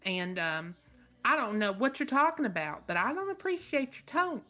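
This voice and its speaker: Lady doing a high bright folksy adventurer gal, feisty and a bit huffy. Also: very animated, normal speed. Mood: indignant. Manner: folksy, indignant, flustered.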